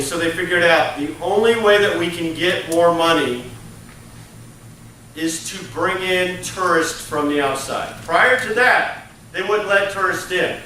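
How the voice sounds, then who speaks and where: A man's voice: sits high, sharp tone, slight background noise. A male college lecturer giving a conversational classroom lecture, tagging his points with "okay?" and "right?", recorded on a distant mic in an echoey classroom. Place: lecture room.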